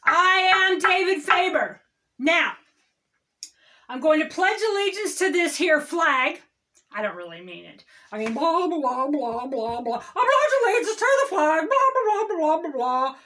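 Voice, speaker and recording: A woman doing a mocking comedic impression of a smug, self-important male town mayor, full of drawn-out pompous declarations. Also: high voice, sing-song, sharp tone, heavily acted.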